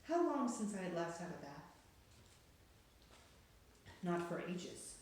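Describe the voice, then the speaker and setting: Brief: storybook narrator, dramatic and suspenseful, mid pitch, very echoey room, faint hum. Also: very animated, slow pace. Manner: dramatic, hushed and then rising with suspense. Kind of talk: storybook read-aloud narration.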